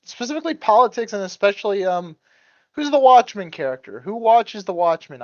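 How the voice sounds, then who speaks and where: A podcast co-host in casual chat sounds flustered and insistent. The voice jumps up and down in pitch. The recording is dull and muffled, with a lo-fi feel. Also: lively intonation, brisk.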